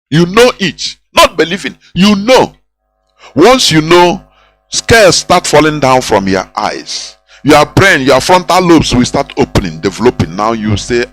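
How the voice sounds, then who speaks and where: A man's voice: fairly high pitch, a bit bright, poor audio. A man hosting a radio talk show, delivering an impassioned monologue full of repetition and rhetorical questions. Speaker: radio host.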